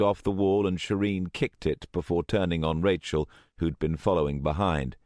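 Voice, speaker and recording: A man narrating an urban fantasy audiobook in a steady, even manner. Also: deep voice, normal speed, few pauses, dry recording. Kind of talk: scripted narration. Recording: dry close studio sound.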